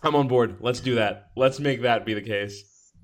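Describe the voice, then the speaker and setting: A man's voice: medium pitch, moderate pace. A man hosting a podcast in casual chat, enthusiastic, laughing often and restarting his sentences. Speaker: podcast host.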